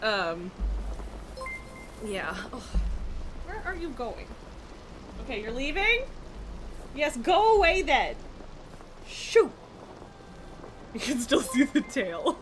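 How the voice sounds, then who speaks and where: A woman's voice: high-pitched, very animated, slow pace, long pauses, slight background noise. A woman live-streaming in casual chat, laughing often, swearing and scolding her pet from her home streaming room.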